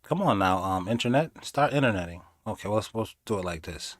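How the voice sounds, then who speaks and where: A man doing casual live commentary on videos, animated and sarcastic, slipping into mocking voices. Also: fairly low pitch, brisk, no room sound. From inner city. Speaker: streamer reacting to videos.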